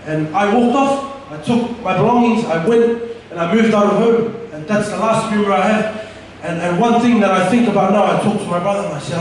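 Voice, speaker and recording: In an echoey room, far from the microphone and with a little background noise, a young man tells an audience his personal testimony with earnest candor, repeatedly beginning his sentences again. His high voice runs a little fast.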